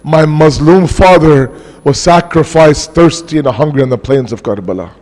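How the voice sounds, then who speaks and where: A man's voice: a little high, darkish tone. Impassioned man preaching in an echoing hall. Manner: impassioned, slows down for emphasis. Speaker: majlis speaker. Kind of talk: mourning sermon. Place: large mosque hall. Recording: long mosque hall reverb.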